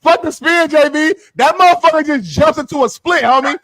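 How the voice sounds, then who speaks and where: A man co-hosting a sports talk show, slangy, excitable and quick to laugh. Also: extremely high pitch, no echo, studio quality. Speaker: co-host. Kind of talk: casual sports chat.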